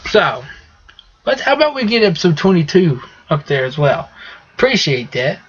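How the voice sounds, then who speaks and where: A man's voice: sits high, big pitch swings, normal speed. A man co-hosting a comedy podcast, running an improv game in a loose, giggly way. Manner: giggly, loose, breaking into laughter. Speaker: podcast co-host. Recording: dull lo-fi sound with faint hiss.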